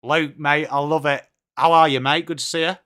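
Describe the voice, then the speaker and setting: English male streamer, friendly chatter, calls everyone mate, slightly higher pitch. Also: fairly even intonation, brisk, bright, forceful tone. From England. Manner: chatty, greets viewers by name, says mate a lot. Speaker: livestream host. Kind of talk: casual live watchalong chat.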